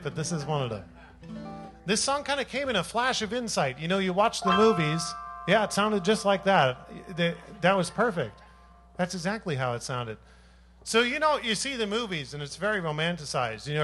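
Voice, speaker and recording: A man's voice: on the high side, a bit bright. A man, a bandleader and singer, chatting on stage between songs in a joking, rambling, self-mocking way. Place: live jazz showcase stage.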